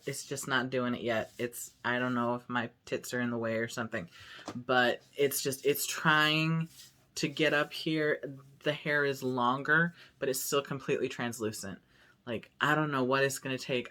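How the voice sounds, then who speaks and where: A man's voice: mid-range voice, bright, forceful tone. A man with an androgynous voice talking casually to his viewers in a rambling vlog, full of "like" and restarts. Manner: chatty, rambling, lots of "like". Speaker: vlogger.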